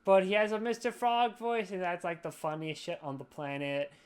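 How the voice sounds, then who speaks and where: A man's voice: sits high, flat delivery, normal speed, clean tone. A drunk young man hosting a podcast, rambling and swearing as he chats. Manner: rambling, profane, slurry. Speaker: podcast host. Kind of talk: casual drunk chat.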